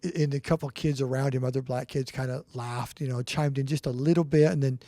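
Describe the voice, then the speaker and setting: A man's voice: mid-range voice, fairly even intonation, a little fast, dark tone, dry recording. A middle-aged man co-hosting a church podcast, telling a personal story in a rambling, earnest way with restarts. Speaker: podcast co-host. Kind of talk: casual storytelling chat.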